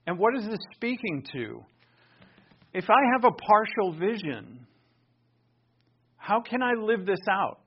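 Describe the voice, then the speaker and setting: A man delivers a sermon in a fairly high voice, leaning hard on key words with loud bursts. Between them he drops into low, quiet asides. The recording sounds muffled and lo-fi. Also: big pitch swings, measured pace, long pauses, breathy edge. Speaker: pastor.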